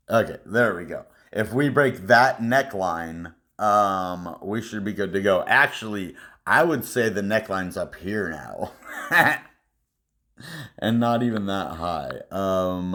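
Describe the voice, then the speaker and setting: A man vlogging about his trades in casual, irritated commentary, now and then mocking panicky traders in a high whiny voice. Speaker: crypto vlogger.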